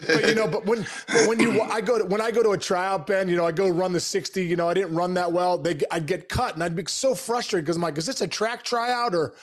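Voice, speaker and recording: High-voiced, fired-up man telling stories. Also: quick pace, hardly any pauses. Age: 40s. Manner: energetic, acts out quoted dialogue. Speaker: podcast guest. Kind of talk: casual storytelling.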